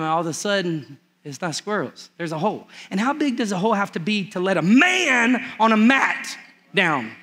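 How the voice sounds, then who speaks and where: A man's voice: sits high, lively intonation, normal speed, sharp tone. A male pastor preaching a sermon in church, telling a story with humor and acting out its characters.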